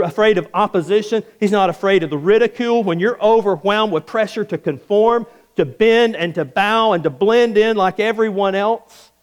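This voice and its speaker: A male pastor preaching a sermon emphatically, repeating phrases and dropping low and quiet on key words. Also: clear, resonant tone.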